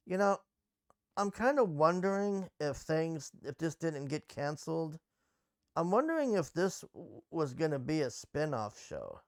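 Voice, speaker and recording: Smooth-voiced man, blunt and sarcastic. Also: medium pitch, dry recording, studio quality. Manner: blunt, sarcastic, swears freely. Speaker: TV episode reviewer. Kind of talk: casual recap and commentary.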